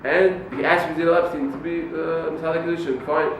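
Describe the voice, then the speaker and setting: A man giving a lively yeshiva talk to students, acting out the people in his stories. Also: a little high, a little fast. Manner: animated storyteller acting out quoted people. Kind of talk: lively sermon with told stories. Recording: echoey room, mic far off, faint noise.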